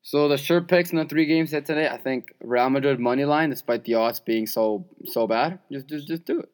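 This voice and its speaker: A young man co-hosts a casual sports-betting podcast. His voice sits in an ordinary middle range, and he talks about matches and odds in a relaxed, good-humored way. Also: medium pitch, a little fast. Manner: easygoing, laughs along. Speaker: podcast co-host.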